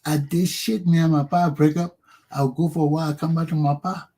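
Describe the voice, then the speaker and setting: A man with a Liberian English accent hosting a talk show, telling profane personal stories with animated, laughing delivery. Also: on the high side, a little fast. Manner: animated, profane, laughs often, acts out quotes loudly. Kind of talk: casual storytelling monologue.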